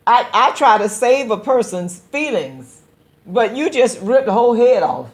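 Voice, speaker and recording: A woman's voice: fairly high pitch, lively intonation, unhurried. Earnest woman pastor hosting a show. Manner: earnest, exhorting, addresses listeners directly with repeated phrases; stammers on repeated words while building a point. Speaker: pastor and radio show host. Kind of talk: preaching-style call-in show talk.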